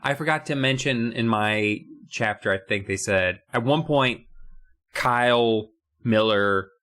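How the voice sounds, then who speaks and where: A man's voice: mid-range voice, unhurried, a bit bright. A man co-hosting a podcast in casual chat, recapping a book in a sarcastic, profane, rambling way. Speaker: podcast co-host.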